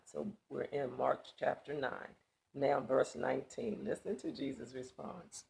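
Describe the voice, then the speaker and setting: A woman teaching a Bible passage in sermon style, speaking slowly with a gravelly edge. She is emphatic and breaks into casual, colloquial asides. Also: extremely low pitch, level tone, darkish tone.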